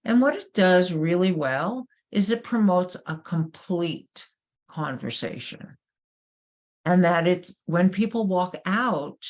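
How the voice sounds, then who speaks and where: A woman with a New York accent presents a webinar workshop, emphatic and animated, tossing out rhetorical questions. Her voice sits low, heard through a webinar microphone.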